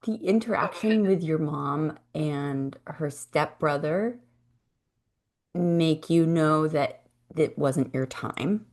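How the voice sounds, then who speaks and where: A woman hosting an interview, asking questions softly and slowly between brief affirmations. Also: low-pitched. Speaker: podcast host.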